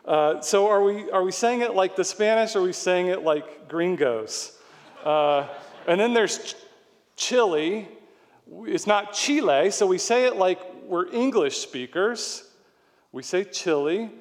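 A middle-aged male pastor delivers a sermon, earnest and explanatory, leaning on repeated words for emphasis. His voice sits a little high for a man. The sound carries a long reverb, as in a church hall. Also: animated, unhurried.

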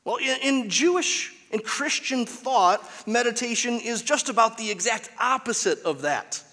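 A man's voice: very high voice, animated, a little slow, sharp tone, in a large hall. A man preaching a sermon as pastor, with an emphatic, repetitive cadence, recorded in a church.

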